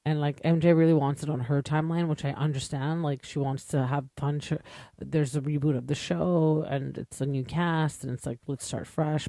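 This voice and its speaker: Chatty man with a mellow voice. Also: a little high, steady tone, normal speed, vocal fry, no room sound. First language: English. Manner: chatty, opinionated, lots of fillers and asides. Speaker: podcast host. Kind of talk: casual recap commentary.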